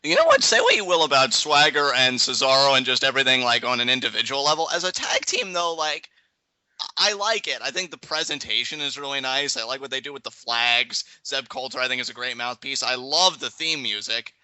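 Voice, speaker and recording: A man's voice: medium pitch, brisk, clean tone, dry recording, dull audio. A man co-hosting a casual live reaction chat, joking and playfully dramatic. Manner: animated, jokey, playfully dramatic. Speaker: guest co-host.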